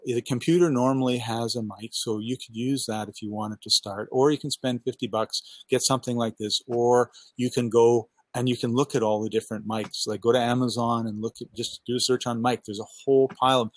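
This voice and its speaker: A man's voice: mid-range voice, dry recording. Chatty man on a headset outdoors. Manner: enthusiastic, rambling, acts out his own thoughts. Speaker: podcasting coach. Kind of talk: casual video call chat. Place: outdoors on a backyard balcony.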